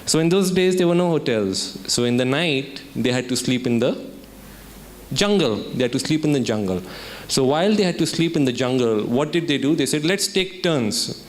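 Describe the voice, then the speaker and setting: Speaking at medium pitch against slight background noise, a man from India gives the keynote at a student summit. The lecture-hall talk is motivational, built on storytelling and questions thrown out to the students.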